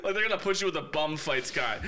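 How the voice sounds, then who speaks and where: A man co-hosting a comedy podcast, reacting with quick banter and frequent laughter. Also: a little high, lively intonation, very noisy. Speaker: podcast co-host. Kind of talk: casual comedy podcast chat.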